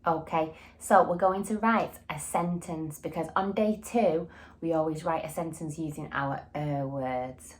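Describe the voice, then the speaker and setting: A woman teaching a phonics lesson to a reception class, animated and sing-song, stretching words out slowly. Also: deep voice, reverberant, a little hiss or hum. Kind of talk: phonics lesson for young children.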